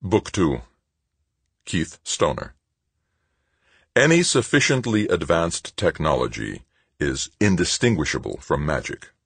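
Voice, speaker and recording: An audiobook narrator with a very deep, gravelly male voice delivers scripted narration. His storytelling is measured and expressive, and the recording is dry.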